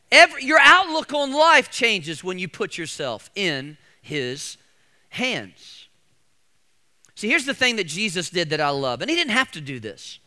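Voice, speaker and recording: A male pastor preaching a sermon, with slow emphatic repetition and calls to the congregation. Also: high voice, pushed and bright.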